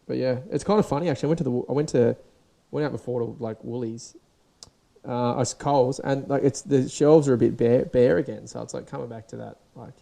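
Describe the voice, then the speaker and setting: A young Australian man rants by himself on his podcast, brisk and loose, swearing, rambling and restarting. His medium-pitched voice is dark and gravelly and sounds sore and dried out today.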